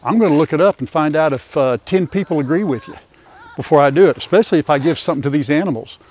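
A man's voice: on the high side, quick pace, a little mellow. Folksy older man. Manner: folksy, chatty, talks to his animals. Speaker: farmer and vlogger. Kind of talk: casual farm vlog. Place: outdoors on a farm.

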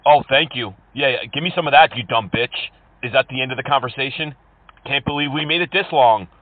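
A man making prank phone calls to scammers, mocking and insulting them, switching from fake politeness to yelling. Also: mid-range voice, brisk, no room sound. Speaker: scam-baiting prank caller. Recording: tinny phone-call audio.

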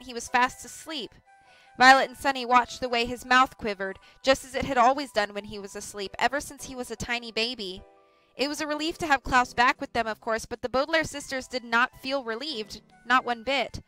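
A woman reading a children's novel aloud on a livestream, with clear, measured storytelling. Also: on the high side, bright, forceful tone, poor audio. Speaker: audiobook reader.

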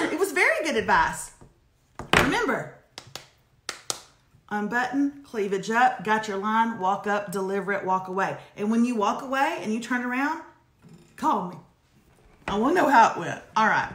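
A woman co-hosting a casual live advice chat, talking in a sassy, emphatic, animated way. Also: mid-range voice. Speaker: co-host giving advice. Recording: echoey room.

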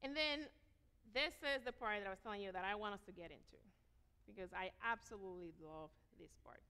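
A woman's voice: medium pitch, fairly quick, sharp tone, smooth. A woman giving a sermon as guest preacher, talking animatedly and acting out the voices she quotes, with rhetorical questions to the congregation. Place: church sanctuary. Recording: long church reverb.

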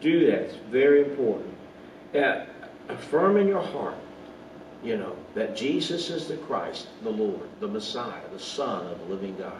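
A man's voice: lowish voice, very animated, a little slow, recorded from a distance, background noise. A man giving an earnest online Bible study sermon, asking rhetorical questions and making small slips and asides. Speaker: pastor. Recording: roomy echo, voice off-mic, faint ambience.

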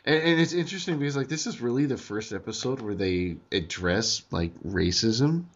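A man talks through a casual review chat with friends, tripping over his words in excited restarts. His voice sits at an ordinary pitch. The audio is dull and lo-fi. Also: breathy edge. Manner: animated, stammering restarts, quick asides. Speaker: podcast host.

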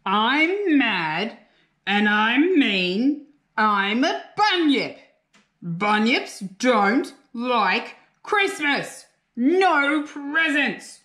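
A woman voicing a big, bad, grumpy male bunyip monster with booming, drawn-out lines in a roomy echo. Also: sing-song, a bit bright, exaggerated voice.

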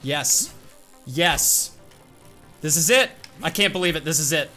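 Excitable man yelping through gameplay. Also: a little high, unhurried, soft background music. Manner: excitable, reactive, bursts into yelps and shouts. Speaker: gaming channel host. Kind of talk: live gameplay commentary.

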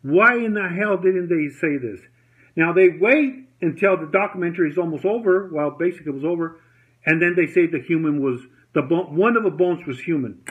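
A man's voice: a little high, brisk. A man delivering an angry personal rant to camera, repeating himself, swearing and retelling what others said. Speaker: vlogger. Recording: dull lo-fi audio.

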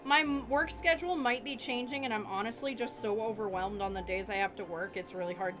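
A woman's voice: medium pitch, fairly quick, music in the background. A woman co-hosting a gaming stream, chatting casually in a blunt, profane, joking way. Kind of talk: casual let's-play chat.

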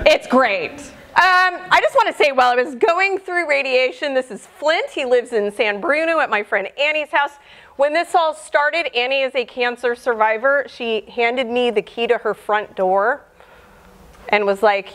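Give me a middle-aged woman biologist with a slightly high voice, chatty and animated as she lectures. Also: normal speed. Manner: chatty and animated, acts out quoted dialogue. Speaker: biologist giving a public talk. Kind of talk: informal lecture.

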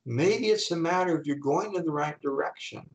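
A middle-aged man, a coach and speaker, telling animated anecdotes in an interview and acting out the people he quotes. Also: fairly high pitch, normal speed, vocal fry, poor audio. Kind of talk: storytelling in an interview.

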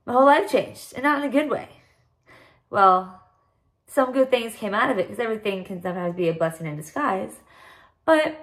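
A young woman chatting casually to the camera for her vlog, bubbly and rambling. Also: medium pitch. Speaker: vlogger.

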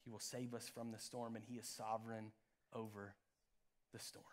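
A man preaching a live church sermon as pastor, swinging from loud peaks to hushed lows. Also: level tone, moderate pace. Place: church sanctuary.

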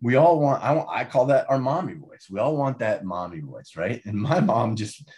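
Man, interview guest, casual talk, emphatic, animated, very lively intonation. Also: medium pitch, moderate pace. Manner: emphatic, animated, keeps asking "right?".

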